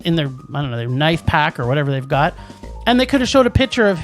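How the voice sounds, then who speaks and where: An animated man ranting through a casual podcast film review, his pitch swinging widely as he jumps from thought to thought. Faint music sits under the talk. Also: fast talker. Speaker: podcast co-host. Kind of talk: casual movie review chat.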